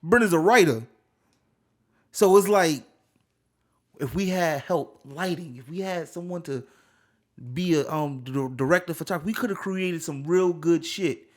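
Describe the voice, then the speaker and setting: A young man co-hosting a podcast, talking casually and animatedly, with loud bursts and laughs. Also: a little high, moderate pace, pauses often. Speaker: podcast co-host. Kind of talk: casual chat.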